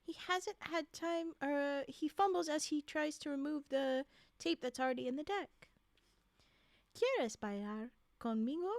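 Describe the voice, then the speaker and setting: A woman's voice: sits high, steady tone, moderate pace, vocal fry, no echo. A woman streamer reading a holiday story aloud, breaking off to chat and talk back to the characters. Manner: chatty, reacts loudly and talks back to the characters.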